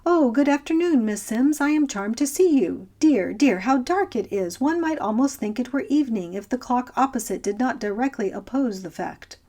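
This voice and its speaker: A woman voicing a fussy, anxious elderly gentleman who talks in a prim, fretful, genteel way. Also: on the high side, lively intonation, moderate pace, few pauses.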